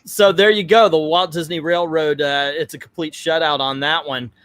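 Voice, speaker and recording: A man's voice: a little high, fairly even intonation, moderate pace, a bit bright. A man hosting a casual chat, joking and stammering a little as he steers the discussion. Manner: jokey, stammers on restarts, leads the discussion. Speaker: podcast host.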